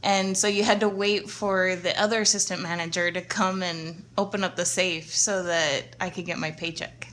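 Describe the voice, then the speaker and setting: A woman's voice: fairly low pitch, steady tone, moderate pace, few pauses, fairly bright tone, a little hiss or hum. A woman co-hosting a podcast, recalling memories in casual, teasing chat. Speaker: podcast co-host.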